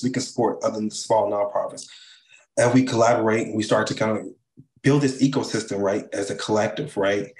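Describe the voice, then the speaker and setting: A man from Chicago, a charity leader, talking as an interview guest over a video call in an animated, enthusiastic way, with many fillers and tag questions. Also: fairly low pitch, roomy sound, rough recording. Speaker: charity CEO and co-founder, guest.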